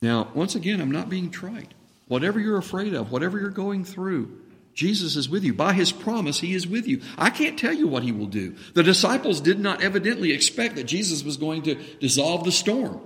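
A man preaching a sermon as pastor, impassioned, dropping to a hush and then rising to a booming voice. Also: very animated, a little fast. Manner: impassioned, swings between hushed and booming when voicing Jesus. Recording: reverberant hall.

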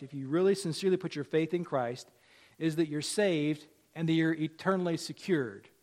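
A man's voice: a little high, a little mellow. A man in his forties preaching a sermon in a conversational way, repeating phrases and rising for emphasis. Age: 40s. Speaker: pastor.

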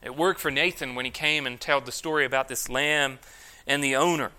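A man's voice: mid-range voice, steady tone, brisk, sharp tone, smooth. A man preaching an expository sermon, reading scripture aloud with emphasis and then explaining it. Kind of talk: sermon, expository Bible teaching.

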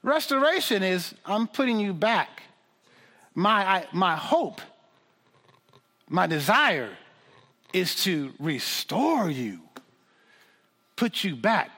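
A man preaching a sermon in an animated, humorous way, with frequent restarts and asides. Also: high voice, slow pace, pauses often, in a large hall.

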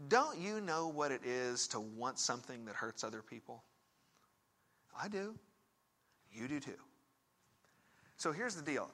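Preaching as a pastor and counselor, this man tells a story in a conversational way, questions his audience directly, and moves back and forth between quiet and forceful delivery. His voice is on the high side.

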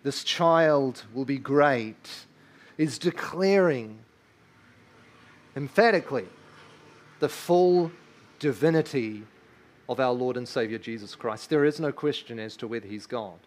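A man's voice: medium pitch, a little slow, long pauses. A man in his thirties preaching a sermon, earnest and emphatic, often asking his listeners rhetorical questions. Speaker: pastor.

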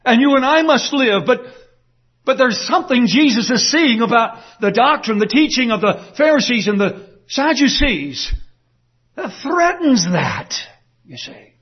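Husky high-voiced man preaching earnestly. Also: lively intonation, moderate pace, lo-fi sound. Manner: earnest, emphatic preaching with rhetorical questions. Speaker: pastor. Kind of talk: sermon.

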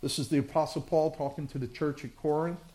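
A male pastor preaching a sermon with passion, swinging from loud surges to hushed, drawn-out words. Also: fairly high pitch, steady tone.

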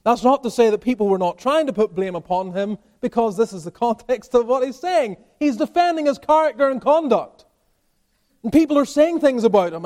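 High-voiced man preaching an emphatic sermon. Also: darkish tone. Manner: emphatic preaching with rising and falling intensity. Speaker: pastor. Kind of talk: expository sermon. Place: church.

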